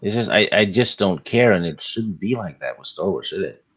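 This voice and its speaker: A man's voice: low-pitched, expressive, lo-fi sound, crowd noise. A man on a casual panel chat, speaking hesitantly and filling his talk with "uh". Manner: slow, hesitant, full of uhs.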